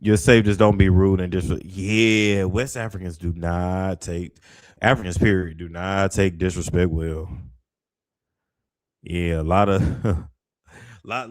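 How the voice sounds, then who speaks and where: A man streaming casual commentary on travel clips, animated and chatty. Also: low voice, a little slow, no room sound, clean studio sound. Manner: animated, drops to near whispers when imitating soft speech.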